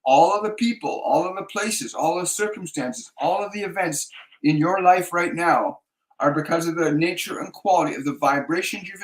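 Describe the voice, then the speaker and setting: A psychic medium hosting a live spiritual talk, answering viewer questions in a measured way and repeating key phrases for emphasis. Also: male voice, on the high side, reverberant, poor audio.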